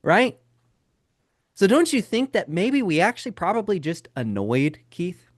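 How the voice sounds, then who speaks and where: In a very animated but unhurried high voice, a real estate sales trainer hosts a live webinar, addressing viewers as "guys" and firing off rhetorical questions. The studio sound is clean, with no room sound.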